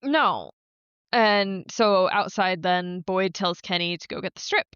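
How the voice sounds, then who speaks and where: A woman co-hosting a casual recap podcast, chatting loosely and swearing often. She slips into quick acted-out lines for the characters she describes. The recording is dry and a bit dull. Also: medium pitch, fairly bright tone, clean tone, no room sound. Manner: swears freely, acts out characters in quick asides. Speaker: podcast co-host. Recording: dull lo-fi sound.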